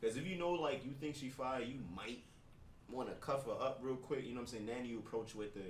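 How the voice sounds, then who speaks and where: A young man co-hosting a podcast, animated and fond of acting out quotes. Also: medium pitch, fast, far from the mic, slight background noise. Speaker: podcast co-host. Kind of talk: casual chat. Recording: roomy echo, from off mic.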